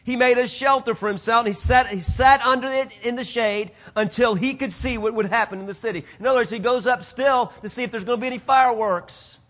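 Male preacher, high-pitched, dramatic swings between loud and soft. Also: brisk, few pauses. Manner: dynamic delivery, swinging from loud declarations to hushed asides. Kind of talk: sermon.

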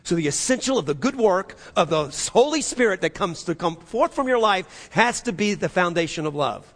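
A male pastor preaching a sermon in a church, swinging from loud, emphatic passages to near-hushed ones. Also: high voice, expressive, normal speed, long reverb tail.

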